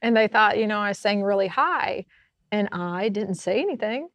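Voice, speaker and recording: A woman talks through her story with lively, animated energy, laughing as she goes. Her voice sits at a middle pitch and sounds dry and close, with no room around it. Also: normal speed, no echo, highs cut off. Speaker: podcast co-host. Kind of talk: casual faith chat.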